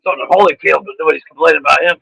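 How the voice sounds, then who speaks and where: A man's voice: on the high side, fairly even intonation, very fast, vocal fry, crowd noise, low-quality recording. A man co-hosting a casual podcast, joking around and laughing with profanity. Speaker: podcast co-host.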